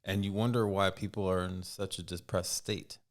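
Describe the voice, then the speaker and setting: A man with a low voice who speaks with earnest conviction, pressing his point over and over. He lectures steadily rather than chats. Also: level tone, normal speed. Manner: earnest, insistent, lectures on spiritual dangers. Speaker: podcast guest. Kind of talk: casual debate.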